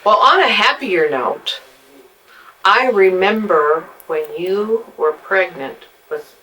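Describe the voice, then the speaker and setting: A middle-aged woman, an adult daughter, telling her mother a family memory with lively retelling. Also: medium pitch, slight background noise, low-quality recording. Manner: animated when retelling, slow pace. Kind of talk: casual family storytelling.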